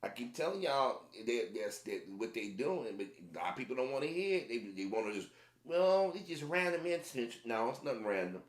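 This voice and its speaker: A man's voice: lowish voice, sing-song, brisk, few pauses. A man giving casual commentary to his viewers, emphatic and repetitive, often restarting his sentences. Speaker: commentary vlogger. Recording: roomy echo.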